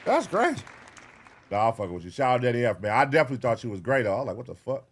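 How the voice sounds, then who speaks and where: A man streaming live, reacting to clips and chatting loudly and profanely with his viewers. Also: medium pitch, very fast, slightly rough, some chatter behind. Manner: loud, excitable, profane, animated. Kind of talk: casual livestream chat.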